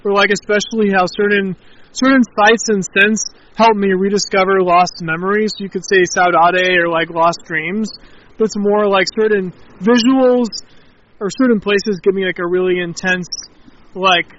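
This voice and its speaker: Brief: high, bright man musing on spiritual experiences, rambling and reflective, dull lo-fi outdoor recording. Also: steady tone, normal speed, slight background noise. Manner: rambling and reflective, heavy on filler words. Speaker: interviewee. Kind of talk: casual outdoor chat.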